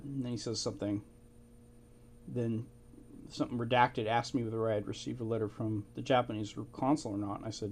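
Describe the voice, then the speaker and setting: A brisk, slightly rough mid-range voice with a steady tone belongs to a man casually reading and retelling old documents. He is an amateur history narrator, informal in manner, with chuckling asides and fillers like "you know."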